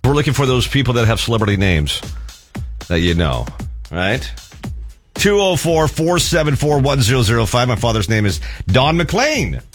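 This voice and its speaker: A man's voice: medium pitch, big pitch swings, normal speed, soft background music. A man co-hosting a radio show, joking and rambling in casual banter at a studio microphone. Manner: joking, rambling, laughs easily.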